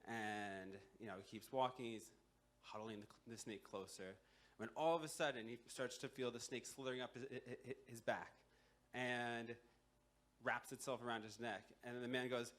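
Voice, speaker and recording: Brief: young male storyteller, mid-pitched, relaxed and wry, lots of ums. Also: moderate pace. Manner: casual, filler-heavy, wry asides. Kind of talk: live folktale storytelling. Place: live university culture show.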